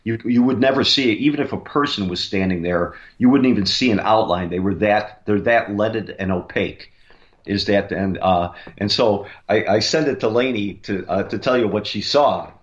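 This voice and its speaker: Low-voiced man telling a ghost story. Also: normal speed, highs cut off. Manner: rambling, with many fillers and restarts. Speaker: paranormal investigator guest. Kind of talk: casual storytelling on a radio interview.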